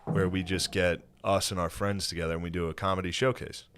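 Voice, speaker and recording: A young man co-hosting a podcast, chatting casually and telling stories with loud, animated impressions. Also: sits low, fairly quick, background noise. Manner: animated storytelling, bursts into loud yelling impressions. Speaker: podcast co-host. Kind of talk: casual chat.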